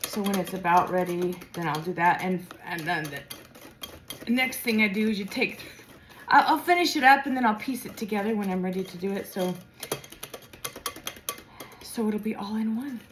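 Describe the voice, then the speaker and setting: A woman's voice: mid-range voice, a little hiss or hum. Woman home cook, General American accent, chatty and rambling; echoey kitchen, clattering dishes behind. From Midwestern or Western United States. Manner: chatty and rambling, thinking aloud while cooking. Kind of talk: casual cooking vlog.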